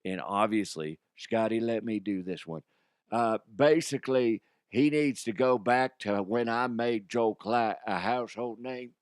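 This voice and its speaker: Low-voiced rambling sports talk host. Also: male voice, unhurried, clear, resonant tone, no echo, clean studio sound. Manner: rambling, profane, slips into mock impressions. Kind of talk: casual comedic sports talk.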